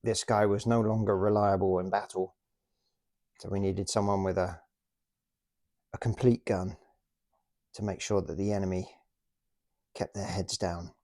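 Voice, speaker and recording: A man's voice: low-pitched, flat delivery, unhurried, pauses often, mellow, dry recording, studio quality. A man hosting a casual show-and-tell about his toy collection, chatty and self-deprecating.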